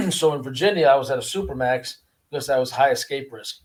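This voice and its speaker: A man, a former prisoner, telling his story in a casual interview with an earnest, halting manner, often repeating words. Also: medium pitch, lively intonation. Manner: earnest, repeats words, acts out guards' voices.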